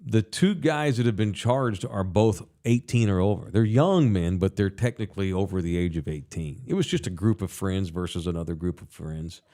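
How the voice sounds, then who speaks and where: A man co-hosting a casual podcast, talking in an animated, swearing, excitable way. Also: sits low, moderate pace, few pauses. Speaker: podcast co-host.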